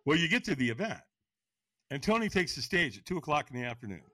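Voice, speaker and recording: A firewalk instructor in his sixties, on a podcast, rattles through his life story in a fast, high-leaning voice, recorded without room sound. Full of energy, he laughs and acts out what others said.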